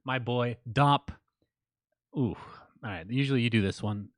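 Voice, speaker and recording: A man co-hosting a laid-back podcast, trading deadpan jabs with his partner. His voice sits at an ordinary middle pitch, recorded close and dry with no room sound. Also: normal speed, no room sound. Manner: dry teasing, deadpan ribbing; reads listener names out as shout-outs. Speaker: podcast co-host. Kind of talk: casual podcast banter.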